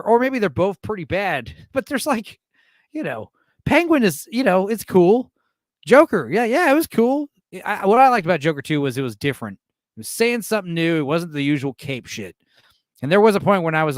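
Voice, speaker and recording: A man's voice: fairly high pitch, dry recording, studio quality. A man in his late thirties from Texas, chatting loosely on his own stream with swearing, chuckles and frequent restarts. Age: late 30s. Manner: loose, profane, chuckling, lots of fillers and restarts. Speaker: streamer host. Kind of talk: casual rambling stream chat.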